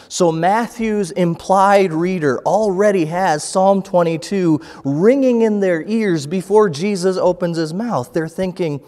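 Man, pastor, sermon, slow deliberate delivery, long church-hall reverb. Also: fairly high pitch, expressive, darkish tone. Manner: slow and measured, reading scripture aloud. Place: church sanctuary.

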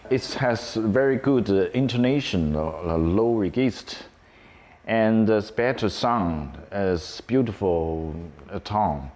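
A male clarinetist giving short, halting feedback on an instrument. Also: fairly low pitch, animated, a little mellow.

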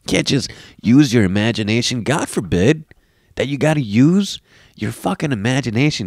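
A young man from Queens, New York, hosting his own comedy podcast, ranting in a brash, mocking, profane way with a smooth deep radio voice, recorded on a laptop mic. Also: lively intonation, normal speed, no echo, clean studio sound. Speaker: podcast host. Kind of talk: comedic solo podcast rant. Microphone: laptop camera mic.

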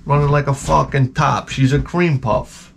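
A man telling rambling comedic stories in a profane, animated way, often slipping into mocking voices. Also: medium pitch, measured pace, creaky, slight background noise. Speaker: retro gaming vlogger.

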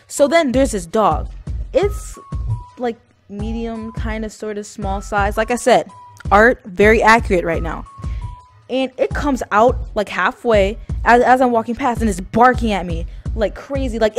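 A woman's voice: on the high side, lively intonation, a little slow, faint music behind. A young woman vlogger telling a casual story, rambling with lots of fillers and self-mocking asides.

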